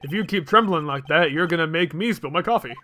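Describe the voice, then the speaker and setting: Cocky game prosecutor read by a man, quiet teasing drawl, bright tone. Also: on the high side, quick pace, a little hiss or hum. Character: smooth cocky male prosecutor, coffee-drinking.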